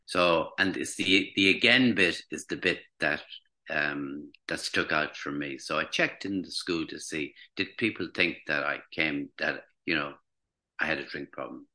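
A man in his sixties speaks in a very deep voice that still has a sharp, bright edge. He recalls his past in a personal storytelling style, pausing and restarting as he feels his way through each thought. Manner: reflective, hesitant, with restarts. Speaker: former teacher recounting recovery.

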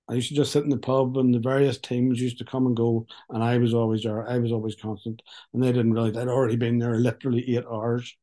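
A man in his fifties giving a frank, wry, halting personal testimony at a recovery meeting over a video call. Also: medium pitch, dark tone. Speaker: speaker sharing at a recovery meeting.

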